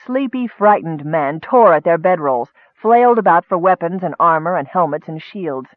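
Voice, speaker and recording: A man narrating a fantasy story in steady storytelling, lifting his voice for action. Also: fairly high pitch, normal speed, no room sound. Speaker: audiobook narrator. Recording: dry, tinny phone-like sound.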